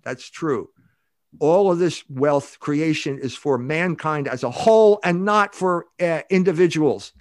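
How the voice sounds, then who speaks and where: Older male guest, high-leaning voice, dry close sound, emphatic and rambling. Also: dry recording. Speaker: guest author. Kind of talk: podcast interview.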